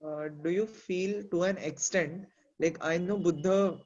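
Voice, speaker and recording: A man's voice: sits high, steady tone, a little slow, a little mellow, dull audio. A man in a casual group discussion, explaining his ideas thoughtfully with examples and many fillers. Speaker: discussion participant.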